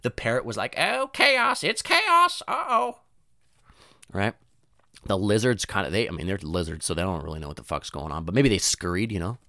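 A young man telling a long comic story in a loose, rambling way, swearing often and saying "dude" and "you know", with restarts and sudden high voices for the people he quotes. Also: quick pace, hardly any pauses, dry recording, clean studio sound.

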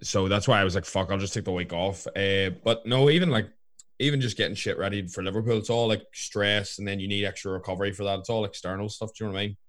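A man's voice: lowish voice, fast, dry recording, clean studio sound. A young man co-hosting a podcast, chatting casually in a rambling way, swearing and saying "like" a lot. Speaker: podcast co-host. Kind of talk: casual chat.

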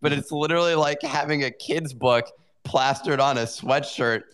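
An amused man in a casual chat, telling a story in a mid-pitched voice. He keeps an easy, everyday tone. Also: normal speed, a bit bright, clean tone.

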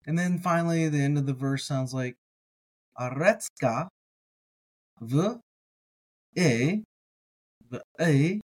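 A man teaching, sounding out words slowly with pauses and restarts, then explaining in a relaxed, chatty way. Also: fairly high pitch, poor audio. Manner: relaxed and chatty between readings. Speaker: Hebrew teacher. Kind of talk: slow word-by-word reading lesson.

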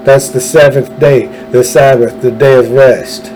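A man's voice: mid-range voice, fairly even intonation, unhurried, mellow, soft background music, low-quality recording. A man delivering an opinionated political monologue, ranting emphatically and repeating phrases for effect. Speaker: political podcast host.

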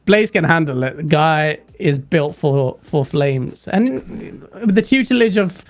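Host reading super chats. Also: male voice, on the high side, lively intonation, takes it slowly. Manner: reads out super chats, asks guests questions. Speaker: stream host. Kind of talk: casual live-stream chat.

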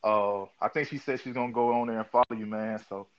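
A man's voice: fairly low pitch, fairly even intonation, brisk, clean tone. Laid-back man on muffled audio. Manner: laid-back, lots of fillers. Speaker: podcast host. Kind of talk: casual chat. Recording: dull lo-fi audio.

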